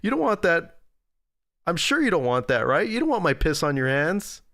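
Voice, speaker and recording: A man's voice: on the high side, big pitch swings, moderate pace, a bit bright, pitched above the performer's own voice. A man putting on the voice of a whiny grown man close to tears, pleading and mock-sobbing.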